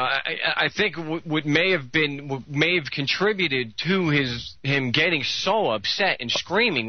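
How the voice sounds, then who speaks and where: A man's voice: medium pitch, no echo, muffled recording. Blunt talk-radio host man. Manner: blunt, repeats words when starting a thought.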